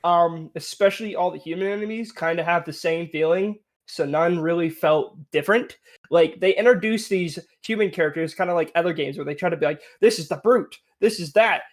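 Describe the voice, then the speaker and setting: A young man co-hosting a casual game review podcast, chatty and rambling, laughing often. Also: fairly high pitch. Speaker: podcast co-host.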